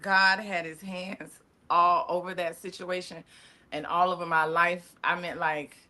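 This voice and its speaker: A woman's voice: deep voice, pushed and bright. A woman talking candidly as a podcast guest, chatty and open, often calling people "honey". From Miami area. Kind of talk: casual chat.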